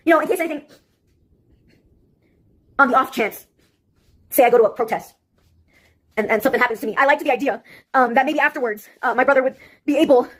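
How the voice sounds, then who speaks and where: High, fast-talking woman vlogger. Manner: rambling, self-deprecating, halting with fillers. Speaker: comedy YouTuber. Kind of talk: casual vlog monologue.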